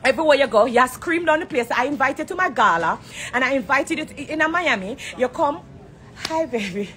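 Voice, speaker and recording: A woman's voice: high-pitched, lively intonation, fast talker, bright, forceful tone. A woman with a Jamaican accent in a heated, blunt live-stream rant from an airport corner, talking into her phone. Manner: confrontational, blunt, profane. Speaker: dancehall artist on a live stream.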